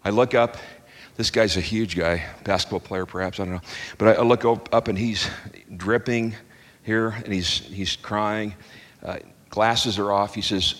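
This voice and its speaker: A man's voice: fairly low pitch, normal speed, a bit bright. A middle-aged man preaching to a congregation, a folksy, chuckling storyteller who restarts his sentences, then leading a closing prayer. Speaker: pastor. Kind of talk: sermon with stories and closing prayer. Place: church hall before a congregation. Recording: long hall reverb.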